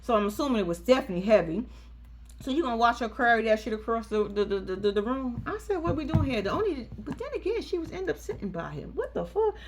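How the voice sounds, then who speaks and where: A woman's voice: a little high, quick pace, background noise. A woman giving casual, profane, sassy commentary recapping a reality TV episode, acting out the people in it. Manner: sassy, profane, animated storytelling.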